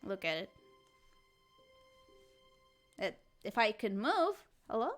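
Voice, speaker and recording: A woman's voice: mid-range voice, very animated, slow pace, soft background music. A woman chatting casually on a live art stream, giggling often as she playfully answers chat while she draws.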